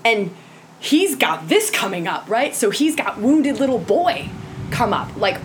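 A woman's voice: fairly high pitch, big pitch swings, a little slow, a little hiss or hum. A woman teaching tantra to a group in an impassioned way, often checking in with "right?" and acting out quoted voices.

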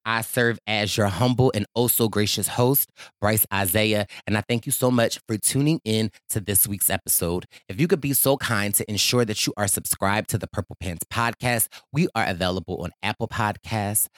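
A man's voice: fairly low pitch, normal speed, few pauses, dry recording, studio quality. A man hosting his podcast in a playful, chatty monologue, calling himself your baby boy. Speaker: podcast host. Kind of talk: casual monologue.

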